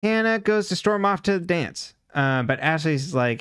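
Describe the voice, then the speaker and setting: A man co-hosting a podcast, rambling through a casual TV recap full of ums and likes. His voice is smooth and clear at an ordinary pitch. He sits close to the mic in a dry, dead room. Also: moderate pace, hardly any pauses, fairly bright tone, no room sound. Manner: rambling, filler-heavy storytelling. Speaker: podcast co-host.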